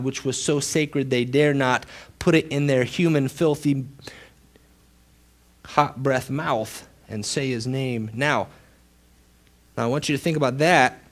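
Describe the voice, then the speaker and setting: A male pastor preaching a sermon with dramatic storytelling, dropping to a hush and then rising loud for emphasis. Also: on the high side. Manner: dramatic storytelling, swings between hushed and loud.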